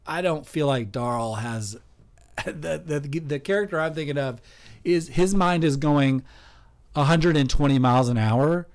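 A comedian hosting a casual livestream chat, joking through rambling, absurd tangents. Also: male voice, mid-range voice.

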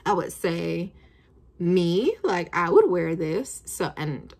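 A woman's voice: lowish voice, big pitch swings, slow, gravelly, a little mellow. A woman in her twenties chatting casually as she reviews perfumes, thinking aloud with plenty of fillers. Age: 20s.

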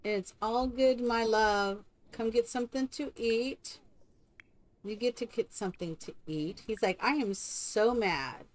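Higher-voiced woman doting on game characters. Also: a little slow, a little mellow. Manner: coos and coaxes game characters like a doting mother. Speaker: streamer. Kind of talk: casual live-stream gameplay chat.

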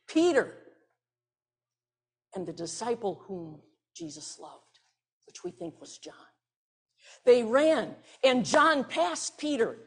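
A woman pastor tells a Bible story slowly and expressively during a sermon, now and then dropping to a hushed near-whisper. Her voice is slightly high, with a soft, breathy, husky texture.

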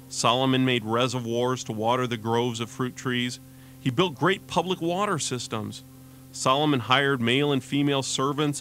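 A man with a mid-pitched voice narrates a scripted radio sermon. His delivery is earnest and measured, and he slows down to lean on his key questions. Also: a bit bright. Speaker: radio devotional host.

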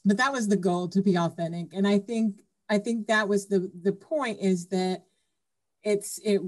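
A woman's voice: mid-range voice, moderate pace. A woman author being interviewed on a podcast, chatty and emotional, retelling stories. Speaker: author guest.

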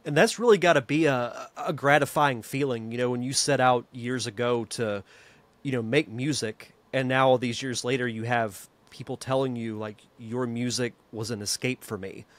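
A man's voice: mid-range voice, steady tone, moderate pace. A man hosting a podcast interview, chatting in a friendly, casual way with plenty of "you know" fillers. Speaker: podcast host.

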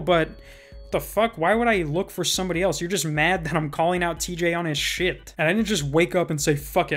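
A man reacting to viewer comments in casual commentary, speaking properly with careful enunciation and sarcastic rebuttals. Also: high-pitched. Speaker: YouTube commentator reading comments.

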